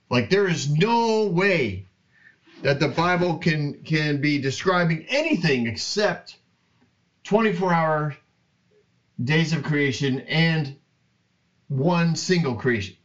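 A man hosting a Bible podcast, talking slowly in a casual, rambling way, with many restarts. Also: on the high side, dull audio. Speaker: podcast host. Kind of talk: casual Bible teaching monologue.

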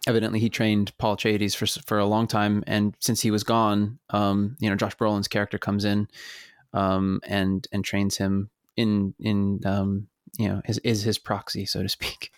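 A man co-hosting a casual movie podcast, relaxed and thoughtful, leaning on filler like "you know" and "right.". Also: fairly low pitch, moderate pace, clear, resonant tone, dry recording, clean studio sound. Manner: thoughtful, relaxed, hedging with 'you know' and 'right'. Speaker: podcast co-host.

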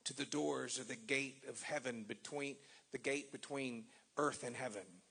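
Male pastor preaching, husky and unhurried, long dramatic pauses, swells then hushes. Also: mid-range voice. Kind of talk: sermon with scripture reading.

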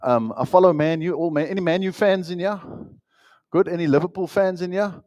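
A man preaching a sermon as pastor, with an animated delivery that swings between loud emphasis and hushed asides. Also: high-pitched, a little fast, highs cut off.

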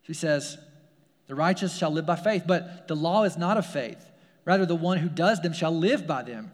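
Male pastor, casual sermon, lots of fillers and repetition, slightly high voice, reverberant church hall. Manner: casual, with many "like" fillers and repeated phrases. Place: church sanctuary.

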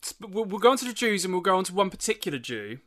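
A man's voice: high voice, very animated, rapid-fire, sharp tone. A man in casual film chat, making dry, wry remarks and steering the discussion. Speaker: podcast co-host.

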